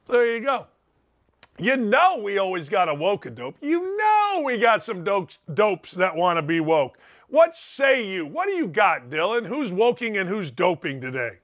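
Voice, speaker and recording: A man's voice: high voice, bright, forceful tone. A man hosting a podcast, giving a combative, sarcastic opinion monologue. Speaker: host.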